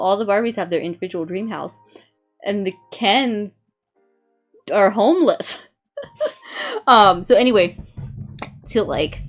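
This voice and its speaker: A young woman streamer in casual chat, rambling with many fillers and reading aloud from a review. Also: fairly low pitch. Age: young adult.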